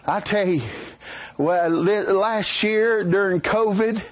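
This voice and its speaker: A man preaching a sermon in a strikingly high voice. He takes his time, drawing out his phrases and building to fervent shouts, with folksy asides to the congregation between them. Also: takes it slowly, no room sound.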